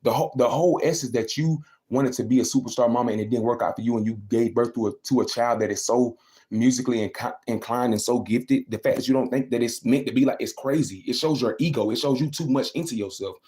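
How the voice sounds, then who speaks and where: Fast-talking young man venting on a livestream. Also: medium pitch, mellow. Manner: venting, emphatic, repeats himself. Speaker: livestreaming vlogger. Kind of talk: casual livestream rant.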